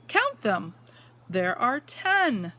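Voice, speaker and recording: A woman's voice: a little high, wildly swooping pitch, bright, forceful tone. A woman teacher reading a picture book aloud to young students, stopping to point at pictures and ask the children questions. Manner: slow, sing-song, asks the children questions.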